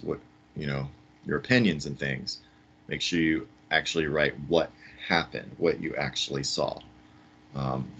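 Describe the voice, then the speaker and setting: A man's voice: low voice, fairly bright tone, slightly rough. A man teaching a science lesson for kids in a chatty, upbeat, demonstrating way.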